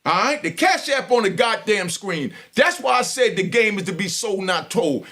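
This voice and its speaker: An older man, ranting loudly and with heavy profanity at viewers of his prison stories vlog. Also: extremely high pitch, expressive, moderate pace, few pauses. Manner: loud, profane, preaching to viewers. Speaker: prison story vlogger. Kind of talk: heated unscripted monologue.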